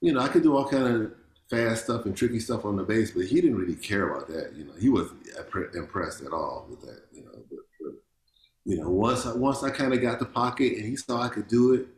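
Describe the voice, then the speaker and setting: Laid-back male jazz musician, storyteller, stumbles and repeats, low register, reverberant room. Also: a little fast. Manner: loose, repeats words, animated storytelling with quoted voices. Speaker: jazz bassist, guest. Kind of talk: casual interview chat. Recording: roomy echo.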